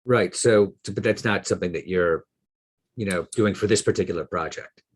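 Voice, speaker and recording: A man's voice: low voice, moderate pace, husky. A man interviewing a researcher, asking a long, rambling question filled with "you know". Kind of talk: academic interview.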